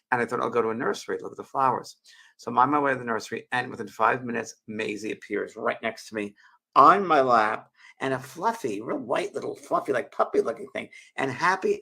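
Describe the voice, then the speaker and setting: A man's voice: mid-range voice, gravelly, pushed and bright. A man in his sixties, hosting a show and telling a heartfelt personal story in a rambling, emotional way with many restarts, speaking into a webcam. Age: 60s. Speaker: show host.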